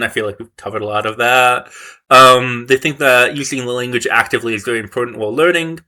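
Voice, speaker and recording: This vlogger speaks in a pushed, bright mid-range voice while studying a language course on camera. He thinks out loud, reading the course text and responding to it in a casual self-study style.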